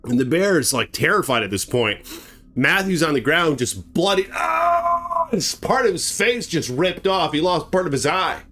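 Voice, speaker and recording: A man's voice: a little high, sing-song, moderate pace, fairly bright tone. A man telling a gruesome story in a casual spoken way, acting out sound effects and swearing freely. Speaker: storyteller host.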